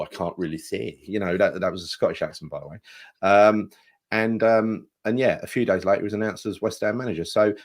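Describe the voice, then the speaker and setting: A man co-hosting a football fan podcast, rambling and swearing as he chats. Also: fairly low pitch. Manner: rambling, swears often, mock-dramatic. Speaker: podcast co-host. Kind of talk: casual fan chat.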